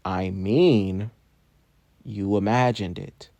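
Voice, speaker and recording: A man voicing a calm adult paramedic who reasons patiently and firmly. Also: on the low side, extremely slow, gravelly, no echo, exaggerated voice.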